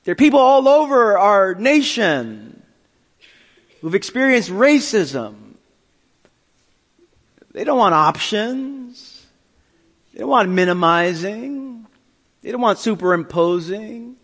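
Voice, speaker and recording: A male pastor giving a sermon, telling a story with lively, acted-out dialogue. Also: sits high, slow, pauses often. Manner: animated storytelling, acting out dialogue. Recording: long hall reverb.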